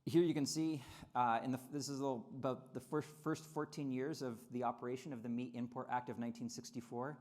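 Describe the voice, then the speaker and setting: A man giving a lively convention speech on trade history, often repeating words and acting out quotes in mocking voices. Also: medium pitch, quick pace, few pauses. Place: convention hall.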